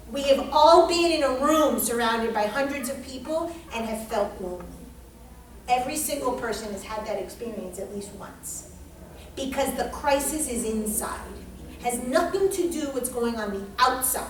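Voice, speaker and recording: A woman with a high voice lectures on astrology to a small class, emphatic and profane, swinging between hushed asides and near-shouts. She is picked up by a mic set far off in a very echoey room. A faint hiss runs underneath. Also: animated, moderate pace. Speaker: astrology teacher. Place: indoor room with a group.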